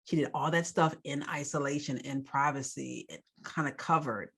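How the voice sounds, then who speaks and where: Her voice is low, creaky, and husky, moving at normal speed. She's a co-host on a faith podcast, casually recapping a church celebration and sermon with fillers and asides along the way.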